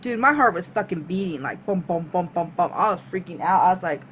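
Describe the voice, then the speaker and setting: A woman vlogger telling a storytime tale. She is animated and swears freely, acting out her own reactions as she goes. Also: on the low side, brisk, a little hiss or hum. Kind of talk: storytime monologue.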